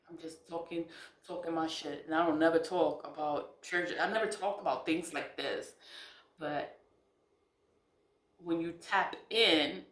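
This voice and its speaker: A woman talking in a casual, unscripted monologue as a spiritual vlogger. She is blunt and profane, repeats phrases for emphasis, and mocks others in high, exaggerated voices. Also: fairly even intonation, a little slow, a bit bright. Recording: echoey room.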